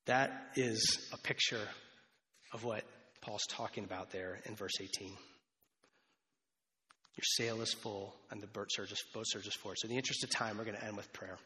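Pastor preaching in a reverberant church hall. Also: male voice, lowish voice, fairly even intonation, normal speed, pauses often, sharp tone. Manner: conversational, rambling asides with many restarts. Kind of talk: sermon. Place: church sanctuary.

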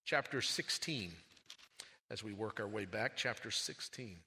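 A pastor giving a sermon, swinging between raised emphatic lines and quiet low asides. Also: male voice, animated, measured pace, husky. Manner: preaching with dramatic swings in pitch and loudness. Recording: long hall reverb.

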